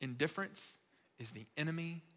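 A man preaching a sermon to young adults with impassioned repetition that sinks into hushed, intimate tones. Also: on the high side, animated, fairly quick. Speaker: pastor speaking to young adults. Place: church auditorium. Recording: long reverb of a large hall.

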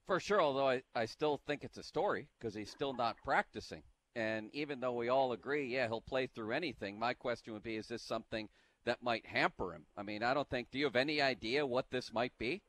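A man hosting a sports talk radio show, with upbeat, animated reads into a studio microphone. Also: medium pitch, brisk, slight background noise.

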